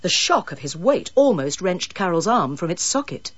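Husky-voiced woman narrating a story. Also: fairly low pitch, sing-song, moderate pace, fairly bright tone, no room sound, muffled recording. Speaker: audiobook narrator. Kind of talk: scripted narration.

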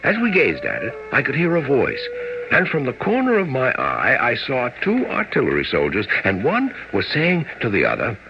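An actor playing a calm, wry male friend who narrates and asks measured, gently questioning lines, in old-time radio acting. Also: medium pitch, gravelly, background noise. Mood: storytelling. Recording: dull old radio recording with music.

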